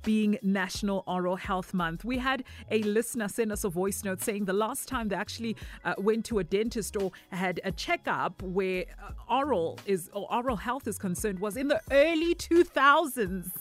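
A woman's voice: medium pitch, normal speed, few pauses. A woman hosting a radio health segment, bubbly and chatty, laughing often and using casual fillers. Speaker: radio host.

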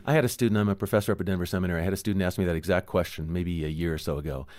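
A man's voice: sits low, fairly even intonation, rapid-fire, darkish tone. A man, a professor, speaking as a radio guest and explaining ideas with everyday examples. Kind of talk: interview, teaching tone.

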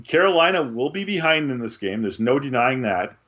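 A man's voice: mid-range voice, big pitch swings, fairly bright tone. Analytical man on a lo-fi podcast. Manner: analytical, measured, with frequent fillers. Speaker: podcast co-host. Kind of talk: casual sports podcast chat.

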